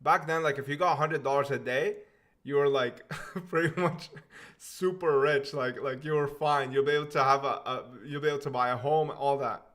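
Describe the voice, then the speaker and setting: A man's voice: mid-range voice, fairly even intonation, a little fast, fairly bright tone. A young man hosting a live stream, reading out viewer questions and answering them in an offhand, casual way. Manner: laid-back and offhand, often says "man". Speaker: livestream host.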